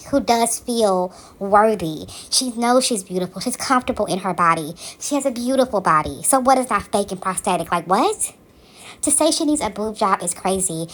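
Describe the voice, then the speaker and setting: A woman podcast host giving a sassy, exasperated casual recap of a reality TV show. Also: fairly high pitch. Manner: sassy, animated, exasperated commentary.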